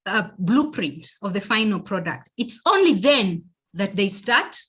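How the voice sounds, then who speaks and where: A woman's voice: mid-range voice, sing-song, a little slow, pushed and bright. A woman with a Kenyan accent giving a motivational parenting presentation, speaking emphatically, repeating key phrases and checking in with her listeners.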